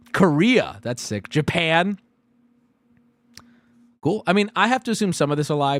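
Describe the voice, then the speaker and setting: Loud, foul-mouthed male streamer. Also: a little high. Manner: loud, profane, sarcastic, jumpy. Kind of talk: casual live-stream commentary.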